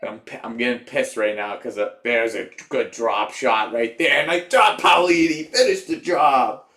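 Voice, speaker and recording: A man's voice: mid-range voice, moderate pace, sharp tone. A young man hosting a live stream, chatting casually, cheering and teasing his viewers. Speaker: livestream host.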